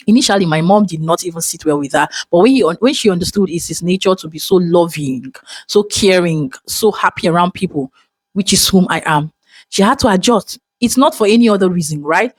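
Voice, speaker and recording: A vlogger from Nigeria with a Nigerian accent, speaking in an expressive, dramatic way in an emotional personal monologue. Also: mid-range voice, quick pace, no room sound.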